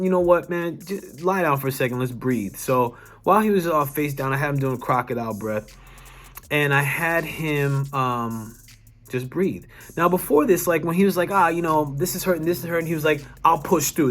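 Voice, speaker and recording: A man's voice: mid-range voice, a bit bright. A young adult man, a wellness coach, telling a personal story to camera in an earnest, emphatic way, restarting sentences and swearing now and then.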